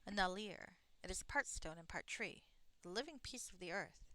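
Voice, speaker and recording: A calm, knowledgeable elven druid explains the ways of the grove with quiet earnestness, voiced by a woman reading game dialogue aloud. The delivery sounds like plain reading, with a gently animated rise and fall. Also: mid-range voice, normal speed, no room sound. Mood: earnest, explaining.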